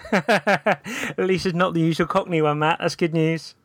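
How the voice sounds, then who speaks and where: Higher-voiced man hosting a podcast. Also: a little slow, fairly bright tone, no echo. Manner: friendly, chatty interviewer with easy laughs. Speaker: podcast host. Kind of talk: casual podcast chat.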